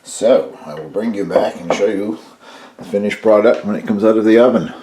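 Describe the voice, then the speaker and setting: An older man with a lowish, mellow voice talks at normal speed through baking a loaf at home. Easygoing and chatty, he tastes the bread and comments as he goes in this casual cooking demonstration.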